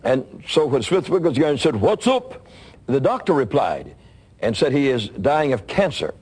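A man preaching, telling a story in a sermon, with his voice rising high when he quotes people. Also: normal speed, husky. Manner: animated storytelling, voice climbing high for quoted lines.

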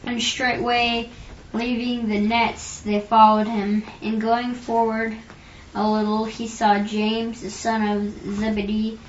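A woman reads scripture aloud slowly, in a flat and measured voice that sits fairly high. The recording is dull and roomy, with faint noise behind her. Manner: measured, even reading. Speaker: scripture reader. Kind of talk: slow scripture reading.

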